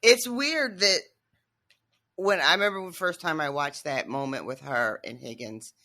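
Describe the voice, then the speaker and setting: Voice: mid-range voice, unhurried, pushed and bright. A podcast co-host in casual chat about a TV episode, often chiming in with short agreements.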